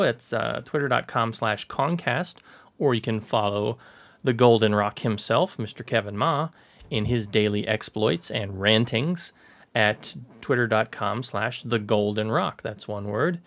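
A man hosting a podcast, speaking in a relaxed way with hesitant fillers. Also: medium pitch, no echo. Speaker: podcast host. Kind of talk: casual podcast chat.

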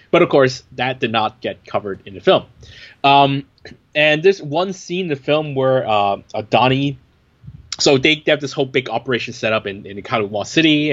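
Wry chatty man reviewing films. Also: medium pitch. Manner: wry, chatty, many fillers. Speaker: film reviewer. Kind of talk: casual film review chat. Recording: dull lo-fi recording.

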